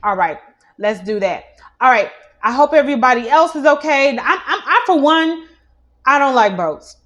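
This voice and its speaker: A woman's voice: sits high, animated, moderate pace, fairly bright tone, highs cut off. Chatty woman hosting celebrity news. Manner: chatty, opinionated, with many "you know" asides. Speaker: news host. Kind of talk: casual celebrity news commentary.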